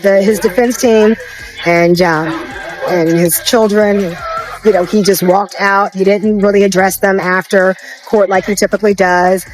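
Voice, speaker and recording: A woman's voice: mid-range voice, low-quality recording. A woman reporting from the courtroom in an unscripted, hesitant way, with many fillers and restarts. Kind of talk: live news report. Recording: with music behind.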